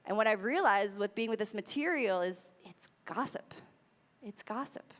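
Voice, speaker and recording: A woman's voice: mid-range voice, lively intonation, moderate pace. American woman speaker, casual sermon delivery with repeated phrases, recorded in a reverberant hall. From United States. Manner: conversational, repeats key phrases for emphasis. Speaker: speaker at a spiritual center. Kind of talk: sermon talk.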